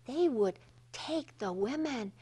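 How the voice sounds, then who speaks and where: A woman tells a Bible story to children in a high, bright voice. She takes her time, dropping to whispers and then rising to loud exclamations. She speaks straight to the kids as she goes. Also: lively intonation, takes it slowly, breathy edge. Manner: addresses kids directly.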